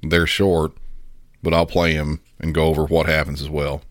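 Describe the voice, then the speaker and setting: A man hosting a podcast, calmly narrating and explaining a true-crime case in a measured way. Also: a bass voice, no echo, studio quality. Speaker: podcast host.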